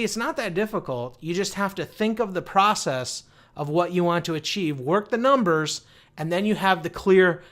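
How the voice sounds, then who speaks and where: A man's voice: high-pitched, fairly bright tone. A man giving motivational business advice straight to camera, upbeat and full of rhetorical questions, with fillers and restarts. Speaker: online marketing coach.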